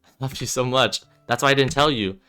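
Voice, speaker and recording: A man reading aloud as a troubled, guarded young man who speaks in a low, subdued, flat way. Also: a little fast, natural voice. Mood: weary.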